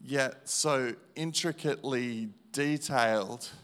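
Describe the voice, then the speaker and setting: A man preaching in a voice of medium pitch. He repeats his lines slowly and with emphasis, dropping to a hush and then rising loud, as he gives his testimony in a sermon. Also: clean tone. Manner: slow, emphatic repetition, swinging between hushed and loud.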